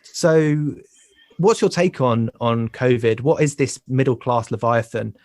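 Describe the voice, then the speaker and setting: A man hosting a conversational podcast interview, halting and often repeating words as he talks. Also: medium pitch, darkish tone, no room sound. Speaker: podcast host.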